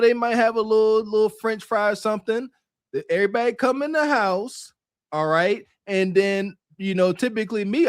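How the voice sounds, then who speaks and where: A middle-aged man co-hosting a podcast, reacting to clips in an animated, preachy way and laughing often. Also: high voice, no room sound, studio quality. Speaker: podcast co-host. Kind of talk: casual chat reacting to clips.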